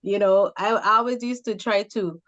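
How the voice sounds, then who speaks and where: A woman from the Caribbean with a Caribbean accent, hosting a casual interview and telling stories in an animated way, laughing often. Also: mid-range voice, moderate pace, dull audio. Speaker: host.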